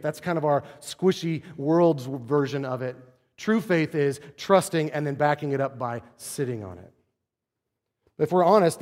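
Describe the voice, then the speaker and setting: A man preaching from the pulpit with a slightly raised pitch. He talks conversationally, throws in rhetorical questions and sinks to a hush on key lines. His voice rings out through a large sanctuary with a long echo. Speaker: pastor. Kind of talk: sermon.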